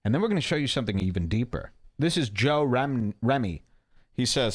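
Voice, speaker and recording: A sarcastic male podcast host who reads posts aloud and mocks them. His pitch swings widely as he talks, with a mid-range voice and a casual, needling tone. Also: very animated, a little fast. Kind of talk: mocking podcast commentary.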